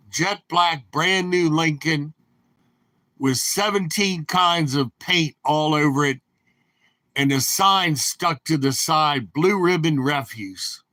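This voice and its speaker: A man's voice: fairly high pitch, pushed and bright, no echo. An older man telling rambling, anecdotal stories in his own voice. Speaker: storyteller. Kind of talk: rambling storytelling.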